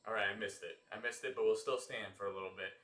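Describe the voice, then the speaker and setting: Excitable, profane American male host. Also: lowish voice, fast talker, reverberant. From United States. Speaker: host of an alternate sports broadcast. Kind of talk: live football watch-along commentary.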